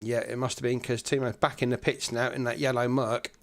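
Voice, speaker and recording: A man's voice: medium pitch, fairly quick, gravelly. Male sim racing commentator, conversational live play-by-play, mid-range voice. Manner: chatty, relaxed, many fillers.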